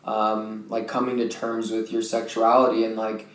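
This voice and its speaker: A man's voice: fairly low pitch, completely flat delivery, normal speed. A man hosting a podcast, asking questions in a casual, affirming way. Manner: supportive, affirming listener with frequent backchannels. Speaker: podcast host. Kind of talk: casual interview chat. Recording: roomy echo.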